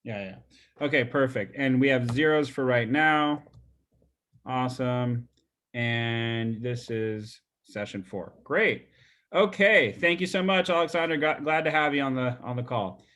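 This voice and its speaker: A man's voice: mid-range voice, unhurried, fairly bright tone. Chatty male sales coach, full of fillers. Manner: loose and chatty, with many fillers and repeated words. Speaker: real estate sales coach. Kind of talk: casual coaching on a group video call.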